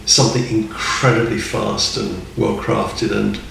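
A man's voice: fairly low pitch, level tone, a little slow, creaky, fairly bright tone, distant mic, slight background noise. A man chatting casually as a podcast guest, rambling and enthusiastic and chuckling often. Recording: echoey room, off mic.

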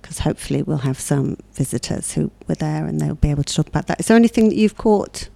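A woman's voice: low-pitched, lively intonation, fast, creaky, dark tone. A woman presenting a radio show from England, chatting in a rambling way and laughing easily. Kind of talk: casual chat.

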